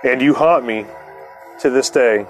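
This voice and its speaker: A man's voice: medium pitch, measured pace, faint music behind. A man, the host, telling a long personal story in a casual, profane way, laughing often and acting out what others said. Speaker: podcast host.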